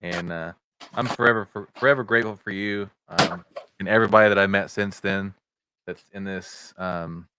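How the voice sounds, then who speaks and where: A man hosting a podcast, speaking sincerely and haltingly, with many "you know"s. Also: deep voice, fairly even intonation, background noise. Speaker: podcast host. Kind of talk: casual conversation.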